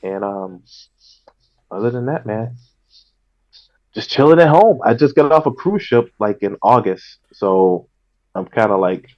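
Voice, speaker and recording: A male comedian guest chatting casually on a podcast, laughing often and trailing off in a relaxed way. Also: lowish voice, measured pace, pauses often. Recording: dull lo-fi sound.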